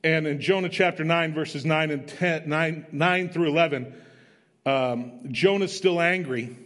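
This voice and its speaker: A man's voice: fairly high pitch, measured pace, fairly bright tone. Man preaching in a reverberant hall. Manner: conversational, plain-spoken retelling with emphatic asides. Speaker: missionary preacher. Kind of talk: sermon with storytelling. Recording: long reverb of a large hall.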